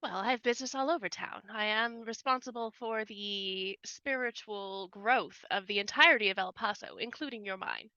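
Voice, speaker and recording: A woman's voice: mid-range voice, normal speed, hardly any pauses, bright, forceful tone, no room sound, dull audio. A woman voicing a stern, severe nun who speaks in a clipped, formal manner.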